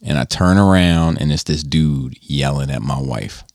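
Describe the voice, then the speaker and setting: A man in casual podcast chat, an animated storyteller who swears freely. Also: rumbling low, normal speed, vocal fry, no echo, clean studio sound.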